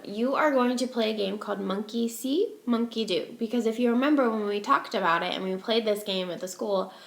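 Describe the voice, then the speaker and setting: A woman teacher reading a storybook aloud to young children, expressive and slow, asking her listeners questions. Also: a little high. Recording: echoey room.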